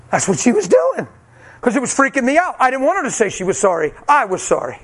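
A man's voice: very high voice, huge pitch swings, quick pace, a bit bright, husky. A man preaching a sermon, telling his own testimony with emotion and acting out the voices in it. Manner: dramatic, acts out voices, cries out.

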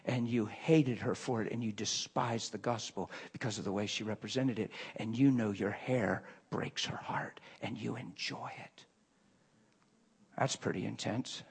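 A man preaching and telling a story from his working life, moving from hushed murmurs to loud, excited bursts. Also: lowish voice, measured pace, creaky, husky. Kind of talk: sermon storytelling.

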